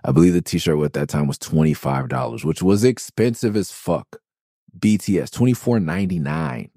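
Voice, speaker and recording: A man's voice: low-pitched, expressive, moderate pace, vocal fry, mellow, no echo, clean studio sound. A man from Los Angeles hosting a podcast, telling rambling, profane stories about his early music days and correcting himself often. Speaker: podcast host. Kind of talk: casual storytelling about his music past.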